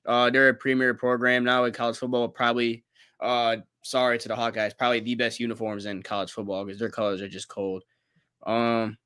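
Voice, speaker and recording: Young guy co-hosting, bright crisp voice, dry close mic, animated and slangy. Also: mid-range voice, dry recording. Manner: animated, opinionated, casual slang. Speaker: co-host and student sports writer. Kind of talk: casual sports talk.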